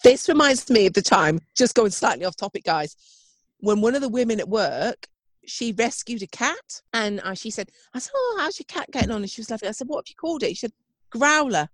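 A playful woman co-hosting a podcast, her high voice rising and falling a lot as she reacts in disbelief. The sound is close and dry, with no room around it. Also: animated, a little fast, dry recording. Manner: playful, incredulous, laughs a lot. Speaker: podcast co-host. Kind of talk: casual chat.

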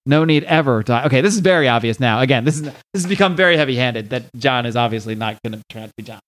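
Talking very fast in a medium-pitched, slightly bright voice, a man hosts a podcast where he loosely walks through a comic book. He stumbles over frequent fillers and restarts and voices the characters' lines himself.

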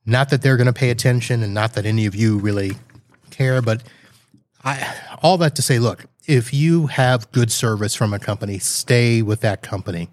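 A man's voice: mid-range voice, moderate pace, no room sound. A man hosting a podcast, telling a rambling, mildly exasperated anecdote in a casual monologue, with quoted asides. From Florida. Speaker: podcast host.

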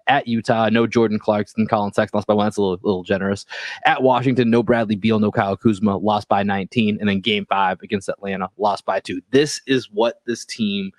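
A man co-hosting a sports podcast, talking in casual chat and reeling off stats and results in a measured way. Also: fairly low pitch, steady tone, dry recording. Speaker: podcast co-host.

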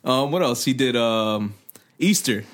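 A young man co-hosts a podcast in loose, joking chat, teasing his friend and acting out a stand-up bit. His pitch is mid-range but swings a lot as he tells it. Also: expressive, unhurried, slight background noise. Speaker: podcast co-host. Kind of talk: casual chat.

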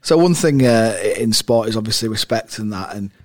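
A man's voice: fairly low pitch, animated, moderate pace. A man hosting a casual interview, asking chatty, leading questions. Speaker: podcast host.

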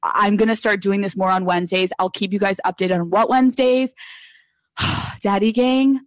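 A woman's voice: mid-range voice, fairly even intonation, moderate pace, dry recording, highs cut off. A woman hosting a podcast live, giving blunt, profane advice and gushing over her listeners in casual chat. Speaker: podcast host.

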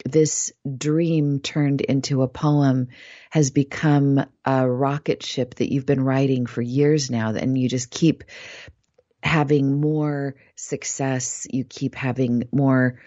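A woman's voice: extremely low pitch, fairly even intonation, takes it slowly, mellow, dry recording, dull audio. A woman hosting an online radio talk show, effusive and enthusiastic, easing from a soothing, meditative blessing into chatty introductions. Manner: gushing and effusive.

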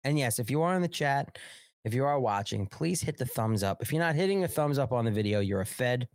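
A man's voice: mid-range voice, lively intonation, a little fast, no echo. Male talk show host, agitated profane ranter, mid-range voice, dry close-mic sound. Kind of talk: live-streamed political commentary.

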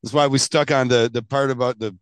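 A man's voice: medium pitch, fairly even intonation, a little fast, clear, resonant tone, dry recording. A man hosting a podcast in casual chat, joking and teasing his guest and laughing often. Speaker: podcast host.

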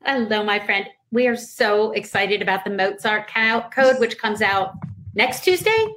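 A woman's voice: medium pitch, expressive, unhurried, fairly bright tone. A woman co-hosting a casual interview in an upbeat, encouraging way. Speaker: podcast co-host.

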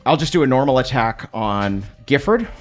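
A man playing a tabletop game, calling his rolls and joking wryly, with soft music behind. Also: mid-range voice, big pitch swings, moderate pace. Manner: easygoing, wry. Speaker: player.

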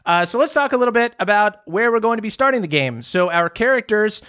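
A man's voice: high-pitched, animated, fast talker, pushed and bright, clear, resonant tone. A man hosting a tabletop game podcast as game master, opening with a playful, mock-grand storybook narration.

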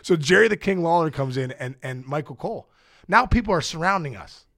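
A middle-aged man, a former ballplayer, telling stories as a podcast guest in an excited, animated way, full of fillers. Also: a little high, a little fast, no echo, clean studio sound. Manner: excited, acts out quotes, many fillers. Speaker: guest, former baseball player. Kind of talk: animated storytelling.

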